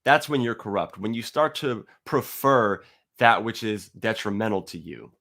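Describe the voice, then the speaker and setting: A man's voice: on the low side, fairly bright tone. Blunt, profane man ranting. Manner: reads a passage aloud slowly. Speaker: atheist video host. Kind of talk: ranting monologue to camera.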